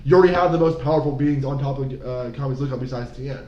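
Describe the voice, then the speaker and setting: A man co-hosting a podcast, retelling scenes in a fast, profane, animated way. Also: mid-range voice. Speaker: podcast co-host. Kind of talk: casual chat. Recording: echoey, dull room audio with faint noise.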